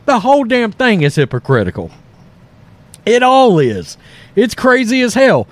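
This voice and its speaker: A man hosting a reaction commentary video, talking in an animated, mocking way. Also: sits high, unhurried. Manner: animated, mocking, puts on quoted voices. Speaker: commentary host.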